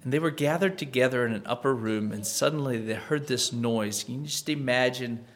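Male pastor, mid-range pitch, conversational sermon delivery that swells on emphasis. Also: brisk. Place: church.

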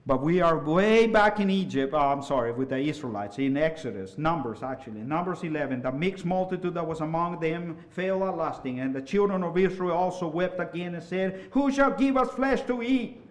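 Middle-aged male preacher, fairly high-pitched, impassioned, loud peaks and hushed asides. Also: brisk, few pauses. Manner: impassioned, rises to loud hollering and drops to soft asides. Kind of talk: sermon.

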